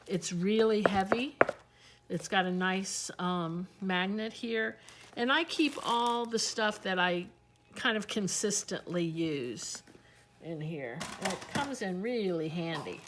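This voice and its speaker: A woman's voice: medium pitch, expressive, takes it slowly, heavy background noise. A woman hosting a casual crafting tutorial, chatting and thinking aloud as she talks through each step.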